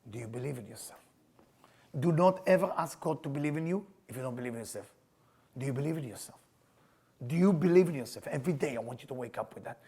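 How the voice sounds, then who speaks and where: A man's voice: on the high side, darkish tone, breathy edge. An older man teaching a Kabbalah class, emphatic, repeating his questions, with non-native English grammar. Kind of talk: spiritual class lecture.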